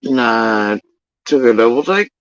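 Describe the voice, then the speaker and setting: A man's voice: medium pitch, lively intonation, measured pace, no echo, dull audio. A man in a casual livestream monologue, telling a story in a heated, profane, emphatic way. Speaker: livestream host.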